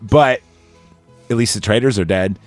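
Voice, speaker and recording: A man's voice: on the low side, normal speed, faint music behind. A man hosting a casual chat, retelling a movie scene with lots of fillers and acting out the characters' lines. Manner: rambling with many fillers, acting out quoted lines. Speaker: podcast host.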